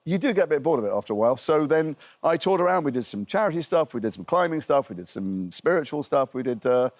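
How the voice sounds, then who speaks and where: A middle-aged man from Liverpool talks quickly and chattily as a guest on a morning TV interview. He spins self-mocking anecdotes one after another. The sound is close and dry, with little room echo. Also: fairly high pitch, big pitch swings, darkish tone. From Liverpool, England. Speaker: actor guest. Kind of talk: breakfast TV interview.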